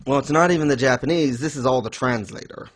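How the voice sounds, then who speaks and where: A man's voice: medium pitch, fast talker. A man in casual podcast chat with an ordinary mid-range voice. He talks bluntly and sarcastically, swearing without a second thought. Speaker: podcast co-host reviewing manga.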